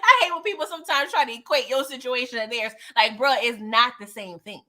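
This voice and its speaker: Bright-voiced woman doing a chatty recap. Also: a little high, fairly quick. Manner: chatty, keeps asking "okay?"; laughs often between points. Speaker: TV recap host. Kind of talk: live show recap chat.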